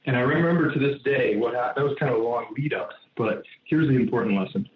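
A man's voice: mid-range voice, quick pace. Man telling a business story over a tinny line. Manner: animated, with many asides and restarts. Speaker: entrepreneur guest. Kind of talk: storytelling in an interview. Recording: tinny phone-like line with faint noise.

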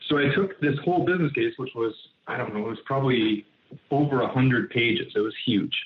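A man tells an animated business story as an interview guest, full of asides and restarts. His voice has a middle pitch. It comes through a thin, phone-like line with a faint hiss underneath. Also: brisk. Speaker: entrepreneur guest.

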